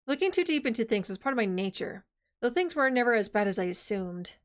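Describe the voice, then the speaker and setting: Lively casual woman streamer. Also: fairly high pitch, fast talker. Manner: casual, swears, laughs at herself. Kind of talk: reading a visual novel aloud with commentary.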